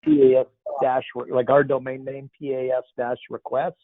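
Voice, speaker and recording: A man's voice: mid-range voice, little pitch movement, moderate pace, no room sound. A man hosting a casual question-and-answer session on a video call, upbeat and chatty with loose slang. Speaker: host. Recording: tinny dry call audio.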